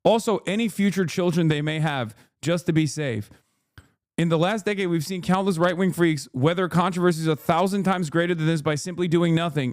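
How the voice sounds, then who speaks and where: A man streams a heated, casual commentary rant, swearing freely and pressing every point with a pointed "okay?". His voice sits a bit high for a man, and the sound is dry and close with no room around it. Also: dry recording. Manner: profane, emphatic, keeps asking "okay?".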